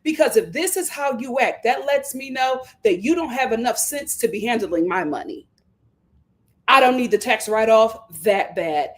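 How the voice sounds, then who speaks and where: A woman, giving an animated, gossipy live review of reality TV. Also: a little high. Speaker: show reviewer.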